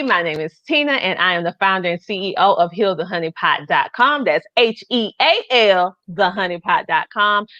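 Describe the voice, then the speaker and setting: A woman's voice: medium pitch, fairly bright tone, dry recording. A woman with a Southern twang hosts a live online show, talking in an eager, effusive way. Her voice sits in a middle register. The sound is dry and a little dull, like a lo-fi webcam recording. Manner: enthusiastic, effusive. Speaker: host.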